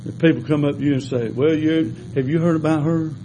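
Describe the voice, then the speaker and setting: A man preaching a sermon in a folksy storytelling way, shifting between loud exhortation and quiet asides. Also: a little high, steady tone, a little fast, slight background noise, low-quality recording.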